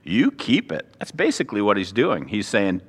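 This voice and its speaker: Recorded in a reverberant hall, a pastor with a lowish, slightly rough voice preaches an expository sermon at a moderate pace. He's conversational and animated, poking fun at himself and acting out the characters' voices.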